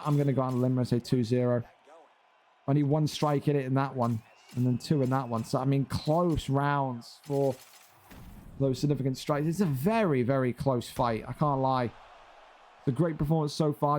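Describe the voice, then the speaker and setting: A young man doing play-by-play commentary on a fight game, excitable and climbing high and loud on big moments. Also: slight background noise.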